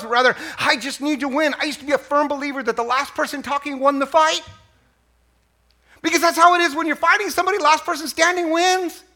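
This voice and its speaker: A middle-aged man preaching a sermon as pastor, animated and swinging from hushed lines to near yelling. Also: very high voice.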